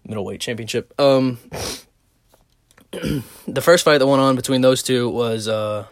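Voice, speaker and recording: A man's voice: medium pitch, measured pace, no echo, studio quality. A young man talking casually in a rambling monologue, swearing often and filling gaps with "like" and "um". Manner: rambling, profane, lots of "like" fillers. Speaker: vlogger.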